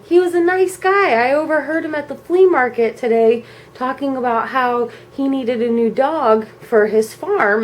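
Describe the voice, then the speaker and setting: A woman voicing her mother as a proud, matter-of-fact middle-aged mom in a storytime vlog. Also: sits high.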